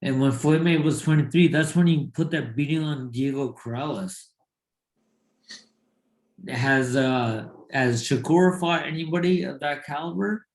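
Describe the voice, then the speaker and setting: A man co-hosting a casual sports podcast, a former boxer who talks in halting bursts with many fillers and restarts. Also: a little high, roomy sound.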